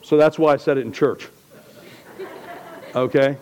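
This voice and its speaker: A man preaching a sermon as pastor, conversational and joking, swinging between loud emphasis and hushed asides. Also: mid-range voice, steady tone, measured pace, dull audio, some chatter behind.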